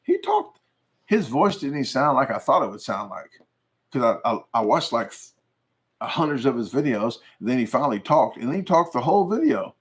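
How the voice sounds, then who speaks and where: Man, casual host chat, rambling, jokey, laughs a lot, swooping pitch. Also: lively intonation, brisk. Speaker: channel host answering viewer comments.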